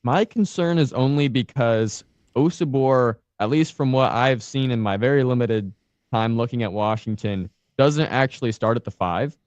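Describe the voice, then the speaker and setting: A man co-hosting a sports talk show, laying out game scenarios in a measured, analytical way. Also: mid-range voice, darkish tone, no room sound. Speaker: sports podcast co-host.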